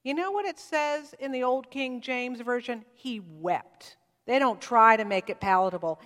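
A woman pastor preaching a sermon in a church, heartfelt and reflective, leaning into some phrases and letting others fall quiet. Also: fairly high pitch, normal speed, long reverb tail.

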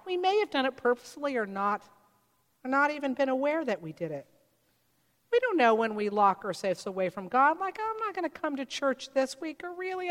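A woman's voice: fairly high pitch, in a large hall. A woman pastor giving a sermon in a church, talking conversationally and putting rhetorical questions to the congregation.

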